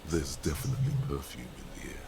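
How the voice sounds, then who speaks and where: Brooding game narrator, gravelly, extremely deep, grave and slow. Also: male voice, steady tone, heavily acted. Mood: solemn. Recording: game audio with clear background noise.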